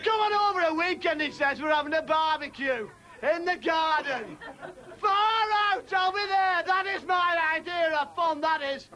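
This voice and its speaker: A male comedian doing an exasperated stand-up rant before a studio audience, shouting in bursts of outrage. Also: crowd noise. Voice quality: exasperated shouting, high strained voice. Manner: ranting, slow and emphatic, bursts of outrage. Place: television studio with live audience.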